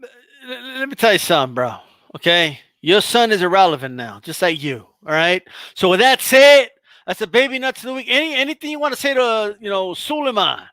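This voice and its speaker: A man's voice: high voice, big pitch swings, a little fast, bright, forceful tone, dry recording. A man co-hosting a boxing show, teasing his partner in casual comedic banter and saying "bro" constantly. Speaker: co-host.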